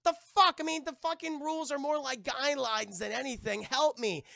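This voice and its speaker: A man's voice: extremely high pitch, brisk, creaky, pushed and bright, dry recording, studio quality, pitched above the performer's own voice, exaggerated voice. A man voicing a bold young woman who bosses a pirate crew, exasperated and profane. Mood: bossy.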